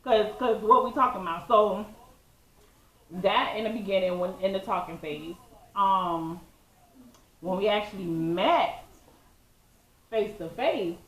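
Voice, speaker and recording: A woman's voice: medium pitch, unhurried, pauses often, fairly bright tone. Woman rambling easy about her relationship, mid voice, echoey room. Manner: easygoing, rambling, repeats phrases. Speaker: co-host of a couple's channel. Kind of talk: casual relationship chat. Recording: roomy echo.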